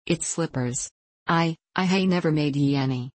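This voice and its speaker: A woman plays a meek, faded Scottish lady with a low, husky voice. She talks softly and hesitantly, read close and dry like a storybook. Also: moderate pace, dry recording. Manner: soft, hesitant, simple.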